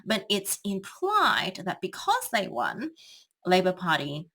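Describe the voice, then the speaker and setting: Slow, lively-toned woman tutor explaining. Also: medium pitch, gravelly, breathy edge. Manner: thoughtful, hesitant with many ums. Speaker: English tutor. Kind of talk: analytical explanation for students.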